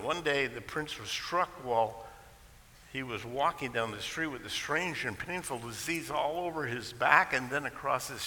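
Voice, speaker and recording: A pastor preaching a conversational sermon in a church, telling a story with folksy asides. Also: male voice, medium pitch, sharp tone. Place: church sanctuary. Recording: echoey hall with faint hiss.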